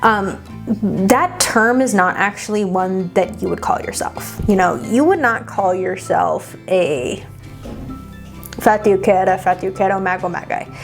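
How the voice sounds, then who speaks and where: A woman talking straight to her viewers in a loose reaction vlog, mid-pitched and animated, with teasing asides and the odd swear word. Soft music runs faintly behind her. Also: a little slow, gravelly. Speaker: witchcraft content creator. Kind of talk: casual reaction commentary.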